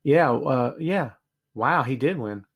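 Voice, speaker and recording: A man's voice: mid-range voice, expressive, takes it slowly, slightly rough. A man hosting a casual live-stream podcast from his home studio, chatting and greeting viewers by name. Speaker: podcast host.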